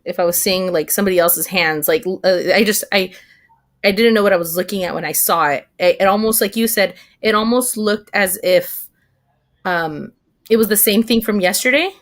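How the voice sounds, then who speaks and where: A woman's voice: mid-range voice, moderate pace. A woman co-hosting a livestream in casual chat, talking chattily with hesitant restarts. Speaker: livestream co-host.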